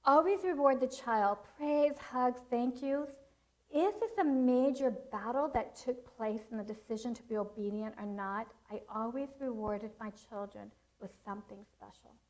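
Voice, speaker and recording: A middle-aged woman with a fairly high voice gives a parenting seminar at a moderate pace, recorded in low quality. Earnest and teaching, she shares personal stories and acts out quotes.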